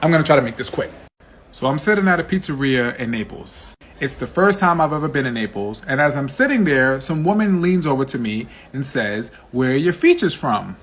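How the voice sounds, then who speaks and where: A man from the United States casually telling a personal story for his video, animated and indignant, with some swearing. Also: mid-range voice, fairly quick. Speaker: storytime vlogger.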